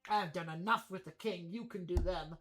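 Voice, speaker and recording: A woman voicing a calm, smug masked male Aasimar gentleman in blue who speaks in a dry monotone. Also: on the low side, a little fast, faint music behind, voice pushed down, natural voice.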